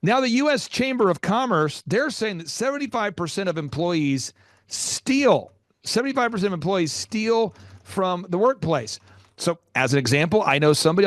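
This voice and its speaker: A man in his forties hosts a business podcast in a slightly high voice. He hammers his points home, repeats himself for emphasis and shoots up in pitch when something shocks him. The recording is close and dry. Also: no room sound. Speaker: podcast host, business coach. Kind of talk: animated interview talk.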